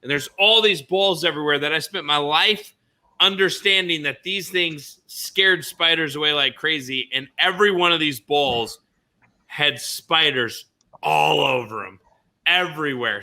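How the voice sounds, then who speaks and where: A man's voice: fairly high pitch, bright, forceful tone. A man hosting a podcast, telling rambling farm stories in casual, emphatic chat and cursing freely. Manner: rambling, emphatic storyteller who curses freely. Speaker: podcast host.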